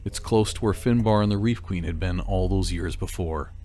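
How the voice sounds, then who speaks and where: A man narrating a documentary in a measured, matter-of-fact scripted delivery. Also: low voice, mellow, a little hiss or hum.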